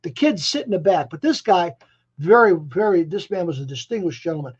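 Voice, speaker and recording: A man in his seventies from Chicago, a musician guest telling stories in a rambling, animated way, often restarting his phrases. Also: high-pitched, a little fast, slightly rough. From Chicago, USA. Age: 70s. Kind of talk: casual interview storytelling. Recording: dull lo-fi audio.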